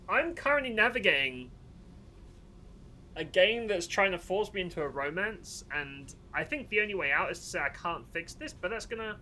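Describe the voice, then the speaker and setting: A man streaming a video game who gives casual commentary, animated, exasperated and joking. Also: sits high, slight background noise.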